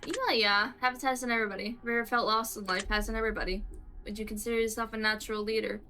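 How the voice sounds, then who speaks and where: Bright, halting Southern-accented woman streamer. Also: on the high side, steady tone, soft background music, rough recording. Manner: halting, rambling, many restarts and trailing asides. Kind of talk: casual live-stream chat answering a quiz aloud.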